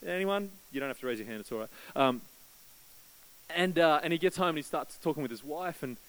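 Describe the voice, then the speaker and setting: A man's voice: animated, fairly quick, low-quality recording. A man preaching a sermon as pastor, telling a story and acting out the voices in it. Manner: storytelling, acts out quoted prayers with rising pitch.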